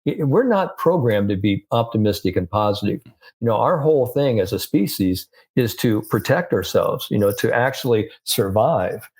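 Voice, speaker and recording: An older man with a fairly low voice talks through his stories in an easy, conversational way. He quotes the people in his anecdotes as he goes, the way a sports psychologist explains ideas on a podcast. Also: moderate pace, husky. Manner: storytelling, animated with anecdotes and quotes.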